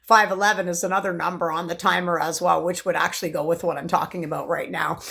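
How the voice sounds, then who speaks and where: A woman's voice: lowish voice, steady tone, fast, gravelly, fairly bright tone. A woman talks to camera in a long, rambling monologue, intense and swearing freely as she jumps from topic to topic. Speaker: vlogger.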